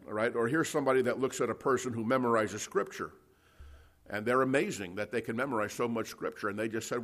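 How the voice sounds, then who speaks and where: A male preacher teaches through scripture verse by verse in an ordinary, medium-pitched voice at a brisk pace. He speaks emphatically, stammers through restarts, keeps clearing his throat, and often checks in with listeners using "okay?" and "you see."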